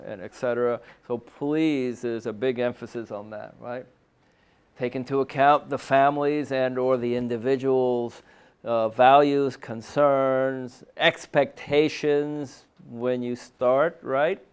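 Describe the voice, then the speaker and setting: A man's voice: mid-range voice, steady tone, slow, clean tone. A man presenting a medical talk to a panel of clinicians, speaking conversationally and often checking in with his listeners. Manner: conversational, frequent "um" and "right?" tag questions. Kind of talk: conference lecture. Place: meeting room.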